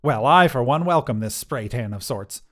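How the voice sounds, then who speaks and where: A man's voice: medium pitch, lively intonation, moderate pace, fairly bright tone, lightly acted. A man voicing a smug, teasing male wizard who was turned into a table, speaking in a snide way.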